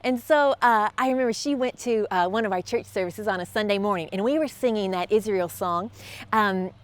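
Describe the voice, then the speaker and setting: A middle-aged woman hosting a devotional encouragement show, talking to the camera in a warm, conversational way, laughing often and acting out quotes. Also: medium pitch, brisk, clear, resonant tone. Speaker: host of a faith encouragement show.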